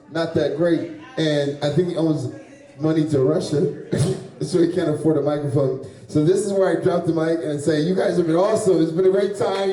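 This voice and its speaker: At an open mic in a small bar or club with a live audience, a sweaty man delivers a crude, loose stand-up set and chuckles at his own jokes between lines. His high voice has a mellow, dark tone. His handheld stage mic is heard from a distance, and the room echoes hard.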